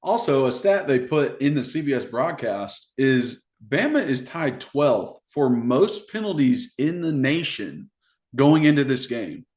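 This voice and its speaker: A man co-hosting a casual sports podcast, chiming in with brief interjections and quick asides. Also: medium pitch, big pitch swings, a little mellow. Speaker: podcast co-host. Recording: echoey room sound.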